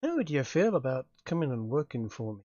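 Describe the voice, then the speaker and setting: A man's voice: mid-range voice, very animated, fairly quick, a little mellow, no room sound, lo-fi sound, voice pushed down. A man doing a sly crossroads demon. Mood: sly, bargaining. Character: scheming male crossroads demon, genial bargainer.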